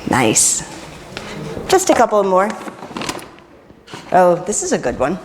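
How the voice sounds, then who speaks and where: A woman minister leading an interactive sermon, chatty and playful with quick jokes, in a church. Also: medium pitch, wildly swooping pitch, noisy background. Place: church sanctuary. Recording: reverberant church hall.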